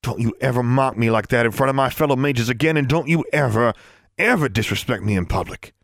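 A man's voice: mid-range voice, brisk, gravelly, fairly bright tone, no echo, studio quality. A man doing a barking, bullying teenage cadet. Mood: furious. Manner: barking and harsh. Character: bullying teenage boy cadet, hot-tempered.

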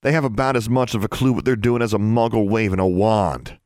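A man's voice: on the low side, brisk, darkish tone, no room sound, clean studio sound, voice pushed up, close to an everyday voice. A man playing a stern, growling teenage boy. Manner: growling, clipped commands. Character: stern commanding sixteen-year-old boy.

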